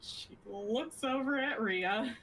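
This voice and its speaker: A woman's voice: fairly high pitch, slow pace, fairly bright tone, poor audio. A woman playing a tabletop game, casual and wry. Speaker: player.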